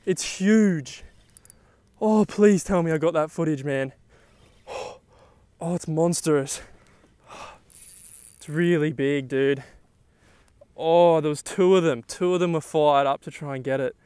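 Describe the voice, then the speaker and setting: A young man talking outdoors on the water while fishing, exclaiming excitedly to the camera. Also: a little high, slow pace, long pauses, smooth, dry recording. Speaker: fishing vlogger.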